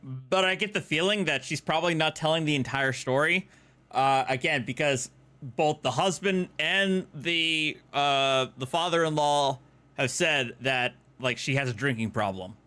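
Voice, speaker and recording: A man's voice: fairly high pitch, unhurried, sharp tone, smooth. A man giving blunt, sarcastic, casual commentary on police footage.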